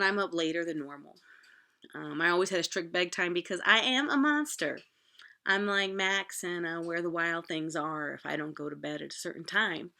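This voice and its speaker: A woman with a medium-pitched voice tells a personal story from her own life, shifting between hushed whispers and loud, pleading outbursts.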